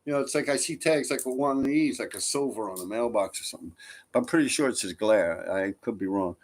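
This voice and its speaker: This is a streamer from New York, chatting casually with his audience as he goes through their comments, loose, rambling and full of swearing. He talks briskly in a mid-range voice.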